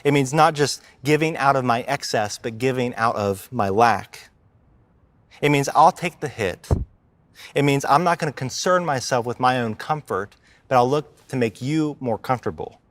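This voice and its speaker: A man's voice: medium pitch, fairly bright tone, no echo. Conversational man preaching a sermon. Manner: conversational preaching, acts out quoted complainers, slows for emphasis. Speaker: life group minister preaching.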